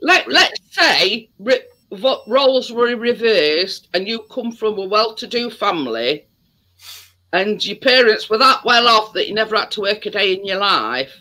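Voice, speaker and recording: A man's voice: high-pitched, very animated, pushed and bright, low-quality recording. A man arguing a point in a casual live-stream chat, stumbling and repeating his words. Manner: halting, repeats words while making a point. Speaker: co-host.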